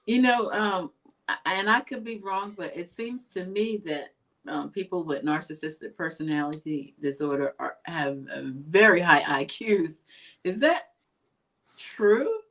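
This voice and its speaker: A woman's voice: lowish voice, animated, unhurried, a bit bright. A woman hosting a live interview, reading out viewer comments and asking questions with some hesitant fillers. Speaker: host.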